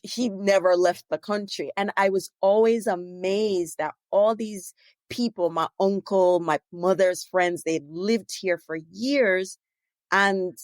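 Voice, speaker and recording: A woman's voice: mid-range voice, slow pace, no room sound. A middle-aged woman from Jamaica with a Jamaican accent, hosting a podcast interview and asking long, rambling, self-correcting questions. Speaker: podcast host. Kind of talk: casual interview conversation.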